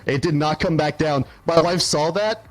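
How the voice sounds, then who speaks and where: A young man co-hosting a podcast, telling a story in a casual, animated way, laughing often and swearing freely. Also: a little high, normal speed, faint music behind. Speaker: podcast co-host.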